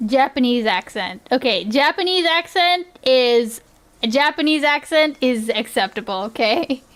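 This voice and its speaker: A woman's voice: sits high, animated, a little slow, a bit bright. A woman streamer chatting casually and reacting to clips, giggling and rambling as she restarts her sentences.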